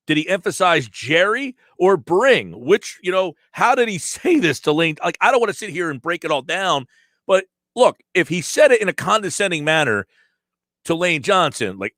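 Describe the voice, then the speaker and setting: A man hosting sports talk radio, breaking down a news article with animated delivery and acted-out quotes. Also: a little high, dry recording, clean studio sound. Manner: animated, reads article quotes aloud and acts out tones.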